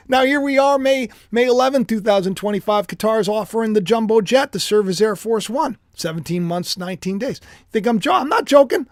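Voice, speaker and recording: High-voiced man rambling to viewers. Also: moderate pace, dry recording, studio quality. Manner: rambling, conversational, many restarts and asides. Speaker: host. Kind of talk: casual speculative monologue.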